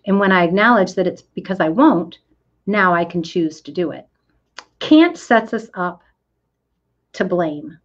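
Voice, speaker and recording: Slow, earnest woman giving a pep talk. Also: mid-range voice. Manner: earnest, emphatic, addresses listeners directly. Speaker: coach. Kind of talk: motivational talk. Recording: dull lo-fi audio.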